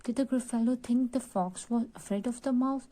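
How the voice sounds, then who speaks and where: A woman's voice: a little high, dark tone. A woman teacher with a Pakistani English accent, reading a story aloud to a class and asking questions. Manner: reads aloud slowly, explaining and asking questions.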